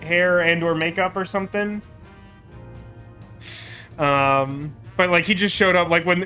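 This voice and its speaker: Give me a male game streamer chatting casually as he plays, rambling and poking fun at himself. His voice is a little high and bright, with faint music running underneath. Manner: chatty, rambling, self-mocking. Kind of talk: casual let's-play commentary.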